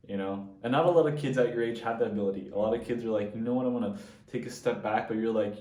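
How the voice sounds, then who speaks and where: A young man giving a heartfelt thank-you to a family he babysits for, earnest and animated. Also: mid-range voice, fast talker, roomy sound, far from the mic, low-quality recording. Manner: earnest and animated, acts out quoted exchanges. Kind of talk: heartfelt personal tribute.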